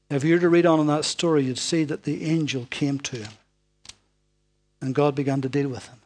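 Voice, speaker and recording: A man delivers a sermon in a husky, slightly high voice. He leans hard on his key lines, then drops to a hushed near-whisper to draw the listener in. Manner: dramatic, swinging from loud emphasis to hushed near-whispers. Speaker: preacher.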